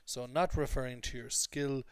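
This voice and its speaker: A man's voice: medium pitch, fairly even intonation, normal speed, smooth, no echo. A man teaching English, explaining usage step by step and often checking in with "okay?". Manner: explanatory, repeats points, frequent "okay?" checks. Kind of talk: recorded lesson recap.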